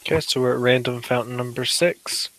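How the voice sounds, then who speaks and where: Gravelly low-voiced gamer guy. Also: steady tone, brisk, a bit bright. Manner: casual, joking. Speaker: player. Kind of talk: tabletop game chat.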